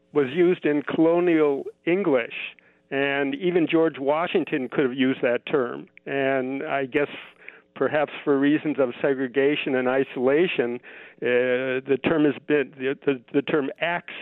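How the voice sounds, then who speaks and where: A man calling in to a radio show, talking in a halting way with many hesitations. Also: medium pitch, no room sound. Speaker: caller. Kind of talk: call-in radio chat. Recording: tinny phone line.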